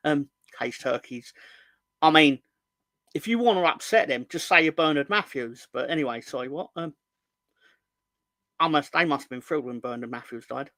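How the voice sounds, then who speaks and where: Joking London man with a bright voice. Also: fairly high pitch, moderate pace, pauses often, no echo. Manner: rambling, joking, reads viewer comments aloud. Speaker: podcast co-host. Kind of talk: casual football podcast chat.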